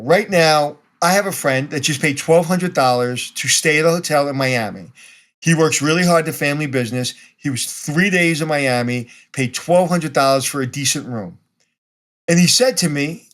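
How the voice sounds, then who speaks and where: A man's voice: fairly high pitch, a bit bright. A man from Brooklyn, a podcast guest talking bluntly and directly and acting out bits of dialogue. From Brooklyn, New York. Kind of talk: casual interview conversation.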